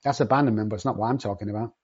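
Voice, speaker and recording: Blunt, cussing man with a husky voice. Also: lowish voice, racing, a little mellow, lo-fi sound. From not from England. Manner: profane, cocky and confrontational. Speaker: addiction treatment company owner. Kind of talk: blunt podcast conversation.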